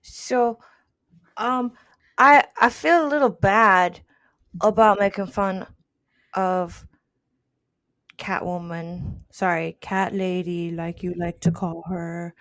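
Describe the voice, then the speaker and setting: A woman's voice: on the low side, steady tone, slow, pauses often, fairly bright tone, no echo. A woman co-hosting a comedy podcast, talking hesitantly and sheepishly. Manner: hesitant, sheepish, with many fillers. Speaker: podcast co-host. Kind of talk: casual comedy podcast chat.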